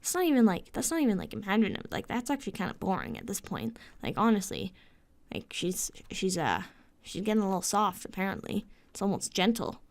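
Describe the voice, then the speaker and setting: In a late-night venting vlog, a sleepless woman rants with frustration and sarcasm, swearing often and sometimes dropping into a whisper. Her voice is medium-pitched and brisk, with big pitch swings.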